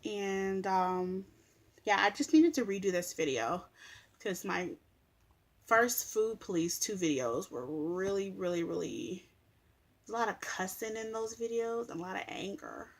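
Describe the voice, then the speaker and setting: A woman's voice: mid-range voice, big pitch swings, a little slow. A woman vlogger in casual chat to camera, rambling with lots of filler words. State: sleepy.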